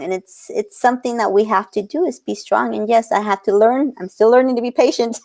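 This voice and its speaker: This guest, a woman in her thirties who photographs portraits, chats earnestly in an interview, with frequent laughter and Spanish words slipped into her English. She speaks at a moderate pace in a highish voice with a darkish tone.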